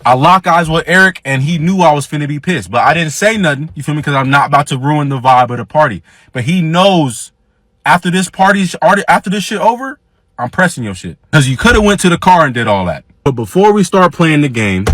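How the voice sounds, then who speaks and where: Man, casual storyteller, somewhat high-pitched, dry close sound. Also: no room sound. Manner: profane, animated, quotes people in his own voice. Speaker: storyteller guest.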